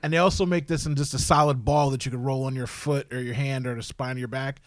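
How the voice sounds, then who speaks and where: A man hosting a casual chat, telling stories in an animated, slangy way. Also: mid-range voice, fast, dry recording. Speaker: podcast host, wrestling parent.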